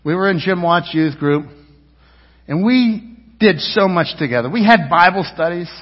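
Man, 50s, pastor: rambling storytelling sermon, loud and quiet in turns, husky voice, long church reverb. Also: expressive, moderate pace. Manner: rambling, storytelling with restarts and asides; swings between loud emphasis and low, quiet lines. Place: church sanctuary. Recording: dull sound with long reverb, as in a church hall.

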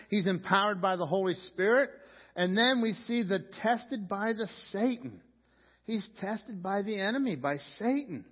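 A male pastor preaching a sermon in a church, talking in a loose conversational way and restarting his sentences often. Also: high voice. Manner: conversational, repeats words when starting sentences. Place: church sanctuary. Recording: dull sound, long reverb of a church hall.

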